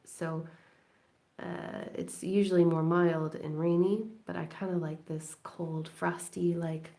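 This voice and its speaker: Brief: woman live-stream crafting host, lowish creaky voice, chatty and rambling, laughs often. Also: flat delivery, slow, mellow. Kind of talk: late-night casual chat while crafting. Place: at home indoors.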